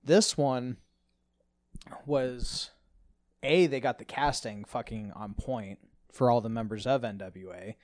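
A man's voice: mid-range voice, takes it slowly, pauses often, no echo, studio quality. A young man in casual podcast chat, laughing often and swearing freely.

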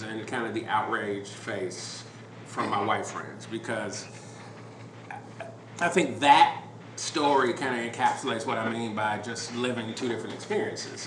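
Guy on a podcast telling a story, loose and rambly, lots of uh and you know, roomy echo and background noise. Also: medium pitch. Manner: relaxed, rambling, many fillers and restarts. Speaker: podcast host. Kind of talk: casual storytelling chat.

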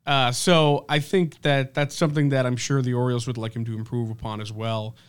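An easygoing male podcast co-host with a crisp, resonant voice at a middle pitch. He chats loosely and banters playfully, talking into a handheld mic. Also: steady tone, brisk. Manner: easygoing, laughs often, playful. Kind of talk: casual sports podcast chat.

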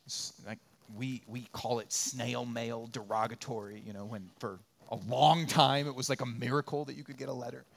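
A man preaching a sermon as pastor, repeating phrases for rhythm and dropping from loud peaks to quiet asides. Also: mid-range voice, steady tone, moderate pace, gravelly. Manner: conversational and joking, acts out little quoted voices.

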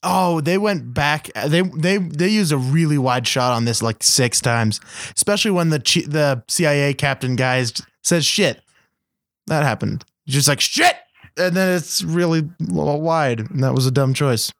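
A man's voice: on the high side, normal speed, creaky, dry recording, studio quality. A man co-hosting a podcast, chatting casually about a movie with sarcastic, profane jokes. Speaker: podcast co-host. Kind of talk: casual movie review chat.

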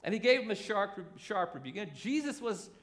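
A man preaching a sermon, animated and conversational, acting out the voices in his examples. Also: high voice, a little fast. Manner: animated, acts out quoted voices. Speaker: pastor.

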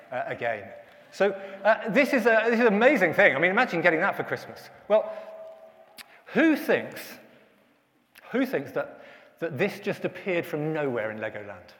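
Chatty male pastor quizzing children; high voice, reverberant church. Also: fairly bright tone. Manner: chatty, asks children questions, many restarts. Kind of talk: family service talk.

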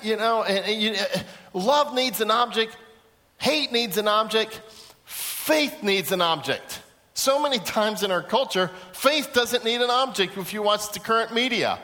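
A middle-aged man, a pastor, teaching a Bible lesson to a seated group, animated as he acts out little scenes and repeats his key points. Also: sits high, measured pace, in a large hall. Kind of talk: sermon to a live group. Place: large room with a seated audience.

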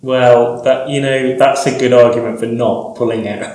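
A man's voice: medium pitch, steady tone, normal speed, a little mellow, heavy reverb, poor audio. A man co-hosting a casual science chat, playful and teasing. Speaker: podcast co-host, scientist.

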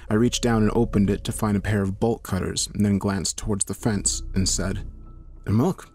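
A man narrating a horror story in a steady, measured storytelling manner. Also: fairly low pitch, slight background noise.

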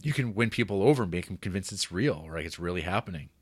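A man's voice: sits low, lively intonation, fast talker, slightly rough, no room sound, clean studio sound. A man co-hosting a casual film podcast, talking loosely with lots of fillers and swearing. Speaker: podcast co-host.

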